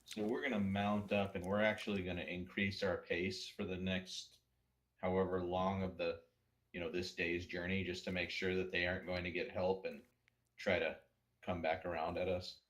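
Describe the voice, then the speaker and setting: A man's voice: sits low, normal speed. A man talking casually as a player in a tabletop role-playing game, planning the party's moves. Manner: relaxed, plans out loud in first person plural.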